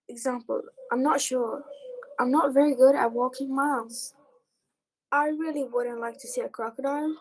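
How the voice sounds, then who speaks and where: A woman's voice: sits high, steady tone, normal speed, a little mellow, poor audio. A woman student reading textbook dialogue lines aloud in class. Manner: plain reading of example sentences.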